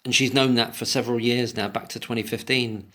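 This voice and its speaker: A man's voice: medium pitch, fairly even intonation, a little fast, sharp tone. A man giving a solo commentary, reading an article aloud and breaking off into emotional, indignant rants with plenty of swearing. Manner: reads passages aloud, then breaks off to rant.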